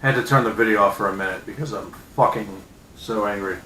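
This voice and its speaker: A man in his thirties ranting angrily as a sports fan, profane and sarcastic, with loud outbursts. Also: on the low side, quick pace, echoey room, a little hiss or hum, low-quality recording. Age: 30s. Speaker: vlogger. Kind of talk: angry sports fan rant.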